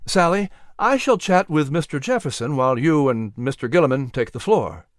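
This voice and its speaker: A man voicing a cheerful, talkative young fiddler in a storybook reading, hearty and animated. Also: a little high, normal speed, no room sound, studio quality, natural voice.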